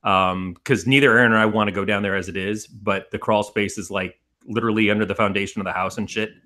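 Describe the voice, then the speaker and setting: Bright-voiced, rambling profane man. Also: lowish voice, steady tone, fast talker. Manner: rambling, profane, laughs often. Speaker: podcast co-host. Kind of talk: casual podcast banter.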